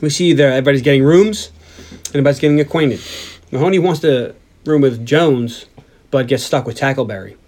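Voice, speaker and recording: A man's voice: mid-range voice, brisk. A man hosting a movie podcast, casually recapping scenes, laughing often and acting out lines from the film. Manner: animated, laughs often, acts out quotes. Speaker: podcast host.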